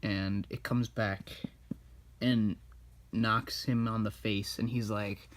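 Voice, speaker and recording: A man casually recapping an animated film while he draws, rambling and correcting himself as he goes. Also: lowish voice, slow. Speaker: drawing video maker.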